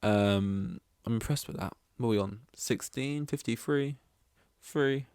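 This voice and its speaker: A man's voice: medium pitch, a little slow, darkish tone, clear, resonant tone, no room sound, studio quality. A man hosting a solo podcast, rambling and self-deprecating, swearing casually. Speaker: podcast host.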